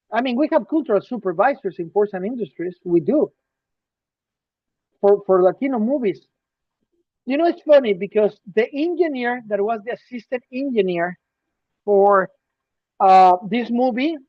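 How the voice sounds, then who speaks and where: A man co-hosting a casual podcast, emphatic and ranting, swinging between loud bursts and quiet asides. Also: very high voice, no room sound. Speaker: podcast co-host. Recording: dull, dry lo-fi sound.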